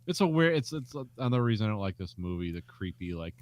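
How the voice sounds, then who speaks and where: Sarcastic man with an animated voice. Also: on the low side, fast. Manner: dry sarcastic asides. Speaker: podcast co-host. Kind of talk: casual movie discussion.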